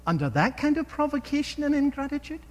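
Male preacher, high and lively pitch, emphatic sermon delivery, reverberant hall sound. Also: quick pace. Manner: animated, emphatic storytelling with rhetorical questions.

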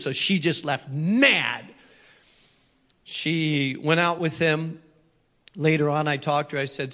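A man's voice: on the high side, a little slow, sharp tone. A middle-aged man preaching a sermon, telling a family story in a direct, earnest way with light humor. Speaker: pastor. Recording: long reverb in a large hall.

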